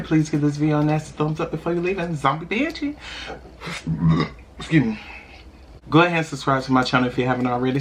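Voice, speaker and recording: Animated young man telling a story. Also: slight background noise. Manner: animated, chatty, with sudden high laughs. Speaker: mukbang vlogger. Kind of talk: casual storytelling while eating.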